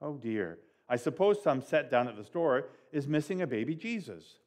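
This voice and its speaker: A man reading a Christmas story aloud expressively at a children's time in church, with big swings in pitch and loudness. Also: big pitch swings, moderate pace.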